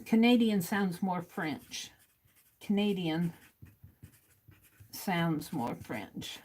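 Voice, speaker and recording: A woman hosting a casual livestream, reading viewer comments aloud, chuckling often and thinking out loud. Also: lowish voice, expressive, very slow, rough recording. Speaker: livestream host.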